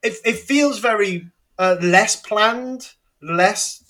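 A man's voice: sits high, slow pace, pushed and bright. An English man hosting a casual music discussion, chatty and hesitant, laughing easily as he talks. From England. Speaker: podcast host.

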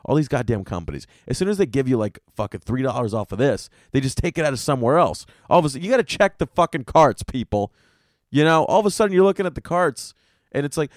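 A man's voice: fairly high pitch, expressive, a little fast, no echo, studio quality. A young man hosting a solo comedy podcast, ranting with heavy swearing, exasperation and sarcastic asides. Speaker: podcast host.

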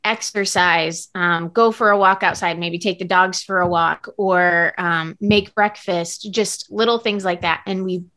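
A woman's voice: lowish voice, steady tone, a little slow, hardly any pauses, sharp tone. A woman co-hosting a podcast, chatting earnestly and casually with lots of fillers. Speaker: podcast co-host. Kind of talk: casual chat.

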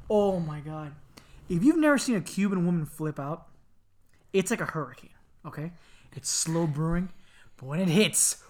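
A man from Miami chats casually, spinning a family story with lots of laughter. His voice swoops high and low in a lively sing-song, and he drops into squeaky put-on voices to act out the people in it. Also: moderate pace, pauses often.

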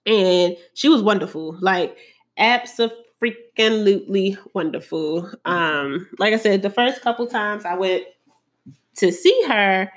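A woman talking to camera about her own hard times, earnest and emotional, with lots of casual fillers. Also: mid-range voice. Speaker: vlogger sharing personal story. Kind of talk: candid personal talk to camera.

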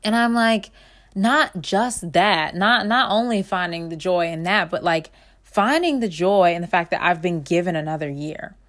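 A woman of about twenty reflecting on her life in an earnest, rambling way, full of fillers and restarts, her voice swinging between bright and hushed. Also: fairly low pitch, moderate pace. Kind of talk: personal reflective monologue.

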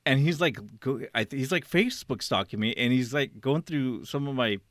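Male podcast host, casual storyteller, rambling and animated, mid-range voice, dry sound. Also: mid-range voice, moderate pace, no room sound. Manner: rambling, animated, acts out quotes, laughs often.

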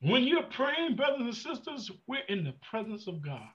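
A man preaching a fervent sermon, surging from hushed prayer to shouts and repeating his words. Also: very high voice, big pitch swings, moderate pace. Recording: muffled lo-fi sound.

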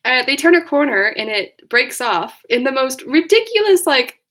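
A woman's voice: high-pitched, sing-song, normal speed, fairly bright tone. Giggly woman recapping a movie. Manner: laughs often, chatty and amused. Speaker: podcast co-host. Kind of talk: casual chat recapping a movie.

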